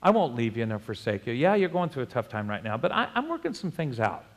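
A man voicing God as a calm, fatherly deity, speaking softly and comfortingly. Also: medium pitch, fast talker, pitched below the performer's own voice. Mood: reassuring. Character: God, gentle reassuring fatherly male deity.

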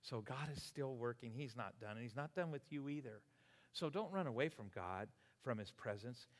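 A man in his sixties preaching a sermon as pastor, animated and exclamatory, often chuckling between points. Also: medium pitch, normal speed. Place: church sanctuary. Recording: long hall reverb.

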